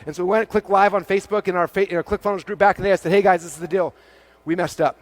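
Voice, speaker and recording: A man in his forties speaks from a conference stage mic, rattling through a story at a rapid clip. His voice sits a little higher than most men's. He acts out each exchange as quick quoted dialogue and leans on "like" constantly. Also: steady tone, no room sound. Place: large event stage before a live audience.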